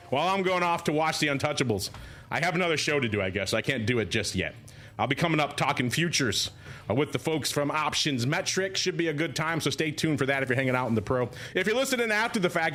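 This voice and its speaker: A middle-aged man hosting a podcast in casual banter, animated and digressive, often slipping into movie quotes. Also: on the high side. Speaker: podcast host.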